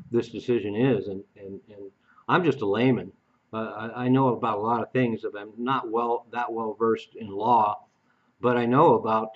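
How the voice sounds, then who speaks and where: A man's voice: lowish voice, lo-fi sound. A man giving a blunt, dismissive political commentary in a casual monologue, hesitant with many fillers and repeated words.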